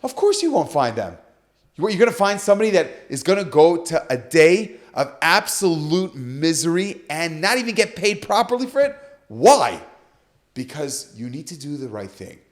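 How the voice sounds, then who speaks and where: Animated man telling a story. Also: a little high, moderate pace. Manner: animated storyteller, acts out quoted dialogue. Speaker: guest speaker. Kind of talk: podcast storytelling.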